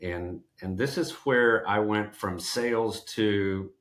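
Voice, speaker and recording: Slow and low-voiced, a folksy man from Georgia, USA, guests on a podcast as a sales trainer. The conversation is a casual storytelling interview, and he animates his tales by acting out quotes while frequently restarting what he's saying.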